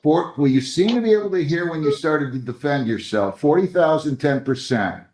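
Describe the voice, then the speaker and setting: A man's voice: on the high side, expressive, normal speed, a little mellow, a little hiss or hum. Brief: man, judge, stern and scolding, courtroom bond hearing.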